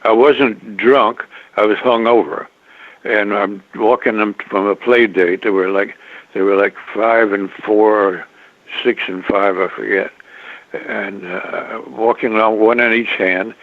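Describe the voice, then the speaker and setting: An older man, a guest in an interview, telling a long rambling story, halting and restarting often, with a chuckle now and then. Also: fairly low pitch, steady tone, no echo. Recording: dry tinny phone line.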